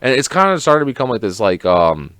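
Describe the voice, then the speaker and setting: A man's voice: mid-range voice, very animated, brisk, a bit bright, no room sound. Rambling, profane man on a podcast. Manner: rambling, profane, lots of fillers; acts out scenes in quoted voices. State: sick. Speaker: podcast host. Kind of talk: casual solo podcast rant.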